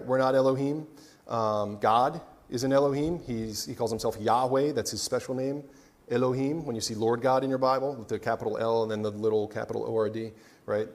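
A man's voice: mid-range voice, a little mellow. A man preaching a casual sermon in a conversational way. He keeps checking in with "right?" and adds joking asides. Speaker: pastor.

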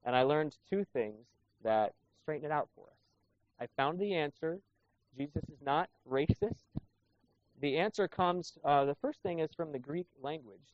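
A man preaching a sermon as pastor, talking conversationally and asking the congregation rhetorical questions. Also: a little high. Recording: dull lo-fi sound.

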